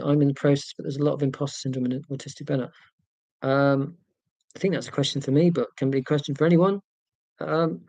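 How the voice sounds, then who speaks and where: A man's voice: on the high side, darkish tone, dry recording. A man hosting a casual livestream from home, reading viewer comments in a chatty, rambling, self-deprecating way. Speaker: YouTube channel host.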